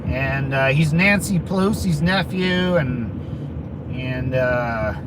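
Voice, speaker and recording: A man's voice: medium pitch, slow pace, background noise. A man rambling casually to his viewers as he drives, with lots of restarts and crude asides. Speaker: channel host chatting with viewers. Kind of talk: casual livestream chat while driving. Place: inside a car, driving around town.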